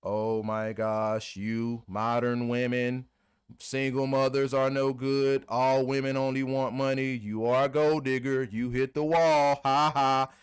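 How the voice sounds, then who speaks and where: A man putting on the voice of a smug male podcaster, dismissive of women, with a slow, sneering drawl. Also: medium pitch, little pitch movement, smooth, voice pushed down, close to an everyday voice. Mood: mocking.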